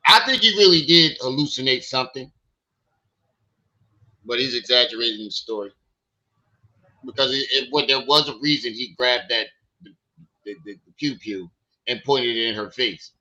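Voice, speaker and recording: A man with a very bright, forceful voice gives casual commentary, mocking and disbelieving as he retells a story. The stream audio sounds a little dull and lo-fi. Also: medium pitch, normal speed, pauses often. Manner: mocking, incredulous, laughing retelling. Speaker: stream host.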